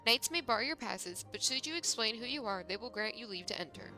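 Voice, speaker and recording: A woman's voice: fairly high pitch, animated, brisk, sharp tone, soft background music. A woman voicing a haughty patron in a game who sends a hero after treasure, in formal archaic phrasing. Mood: scheming.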